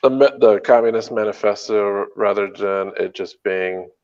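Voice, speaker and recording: This man's voice sits on the low side with a darkish tone, moving at a normal speed over lo-fi sound. Co-hosting a podcast, he chats casually, wandering off track with plenty of hesitant fillers.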